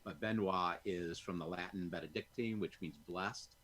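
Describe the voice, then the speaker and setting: A man with a very deep voice chats genially as a guest on a film podcast. He talks freely and warmly about the film. A faint hiss of noise sits behind him. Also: moderate pace. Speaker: guest, voice actor. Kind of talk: casual film discussion.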